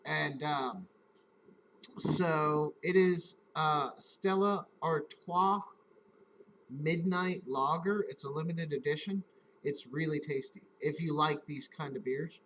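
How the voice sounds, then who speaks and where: A man's voice: a little high, takes it slowly, fairly bright tone, slight background noise, rough recording. A man hosting a live stream, casually telling a rambling, profane story and acting out his own reactions in quotes.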